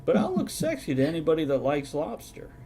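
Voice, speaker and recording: A man's voice: a little high, wildly swooping pitch, fairly quick, warm tone, a little hiss or hum. A man hosting a live-streamed chat show, telling stories with dry sarcasm. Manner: sarcastic, mock-documentary storytelling. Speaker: host.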